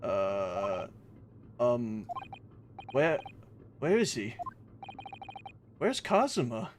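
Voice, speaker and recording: A man voicing a flustered young male law student, reading dialogue in a halting way. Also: mid-range voice, sing-song, background noise, voice pushed down.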